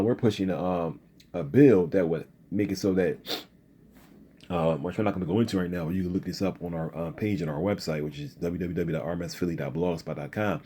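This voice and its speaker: A man's voice: deep voice, a little mellow, husky. A man from the area, giving an earnest commentary monologue and tagging his sentences with "okay?" and "you know.". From Philadelphia area, USA. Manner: frequent "okay?" and "you know" tags, restarts. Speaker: video commentator.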